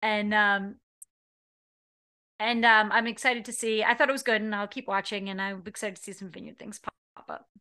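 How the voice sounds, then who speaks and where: Woman, podcast co-host, bright tone, measured, hesitant. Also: mid-range voice, steady tone. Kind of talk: casual chat.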